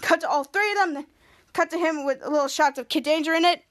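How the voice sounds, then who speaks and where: A woman podcast host recapping a TV episode scene by scene in a choppy, stop-start way, jumping louder and higher to act out the characters' lines. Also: fast talker.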